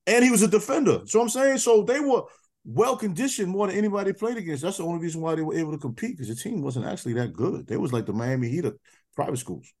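A podcast host talking fast in a blunt, teasing way, his pitch swinging widely as he goes. He sounds like a father ribbing his grown son in casual chat. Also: lively intonation, a little mellow.

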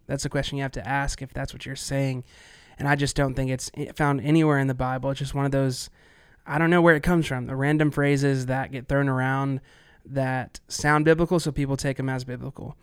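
A relaxed man chats on a podcast, stumbling over his words and restarting as he goes. His voice is smooth and full. The sound is close and dry. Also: medium pitch, fairly quick, few pauses, dry recording. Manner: relaxed, stammering restarts, Southern "y'all". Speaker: podcast co-host. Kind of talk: casual chat.

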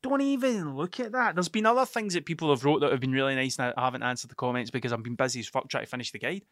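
A Scottish man from Ayrshire with a strong accent, hosting a casual solo podcast and telling stories in a sweary, animated way. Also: medium pitch, dry recording, clean studio sound. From Scotland (Ayrshire). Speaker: podcast host.

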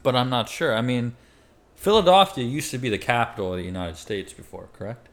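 A man's voice: medium pitch, sing-song, fairly quick. A man guesting on a casual podcast, asking questions and hedging that he isn't sure. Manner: unsure, hedging, curious.

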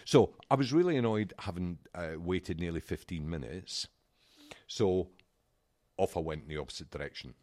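A middle-aged man with a very low voice recounts a frustrating episode with animated indignation. He talks casually as a podcast co-host, close to a dry, dead-sounding mic. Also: normal speed, no room sound. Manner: animated, exasperated anecdote-telling. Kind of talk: casual chat, storytelling.

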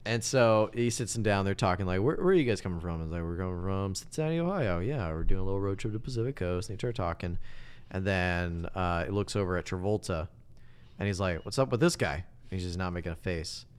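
A man's voice: a little fast, clear, resonant tone. A man in casual podcast chat, retelling a movie scene by scene and acting out the characters' lines in exaggerated voices. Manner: animated, acts out characters with big pitch jumps.

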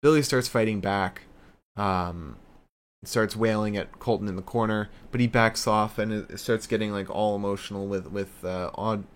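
A man's voice: fairly low pitch, fairly even intonation, normal speed, smooth. A man giving a casual video recap of a wrestling show, loose and chatty, with plenty of fillers.

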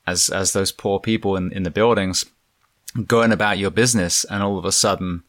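A man with a very low, deep voice and an English accent talks reflectively as a podcast host, pausing and using fillers. The sound is dry and close. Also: fairly even intonation, fairly bright tone, no echo. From England. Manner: reflective, halting, with many fillers. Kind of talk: casual interview conversation.

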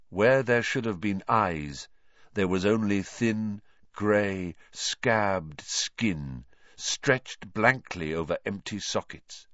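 A man reads a story aloud at an unhurried, dramatic pace. His voice rises and falls widely as he builds tension. The recording is dry and slightly dull, like a home lo-fi setup. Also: sits low, dry recording. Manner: slow, dramatic, expressive narration. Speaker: narrator. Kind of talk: storybook reading.

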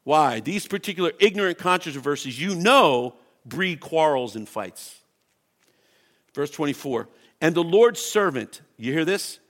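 Male pastor, passionate sermon delivery, bright tense tone, a bit higher than most men. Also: lively intonation, normal speed. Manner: impassioned, emphatic preaching.

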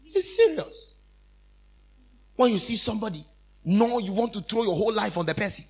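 A male minister preaching a sermon in an emphatic, repetitive style with sudden loud outbursts. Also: high voice, sing-song, normal speed, husky.

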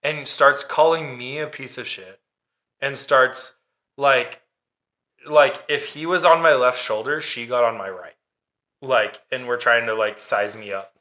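A man's voice: medium pitch, fairly even intonation, a little slow, sharp tone. A man telling a dating story in casual chat, sarcastic and swearing freely. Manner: sarcastic, profane.

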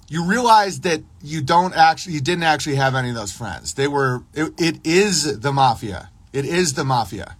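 A man's voice: fairly high pitch, a bit bright, slightly rough, dry recording. A man hosting a casual livestream, talking in a rambling monologue full of restarts and acted-out dialogue. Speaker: podcast host.

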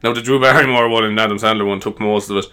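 Tired, rambling Irish podcast host. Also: male voice, lowish voice, steady tone, racing, sharp tone, clear, resonant tone. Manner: rambling, chatty, laughs at himself, tags "you know".

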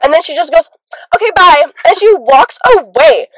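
A woman's voice: high voice, lively intonation, moderate pace, no echo, poor audio. A young woman co-hosting a podcast, telling gossipy stories in casual chat, acting out quotes and laughing often. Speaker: podcast co-host.

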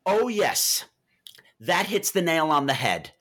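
A man interviewed as an author, explaining at length and telling lively anecdotes in a digressive way. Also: a little high, slow pace.

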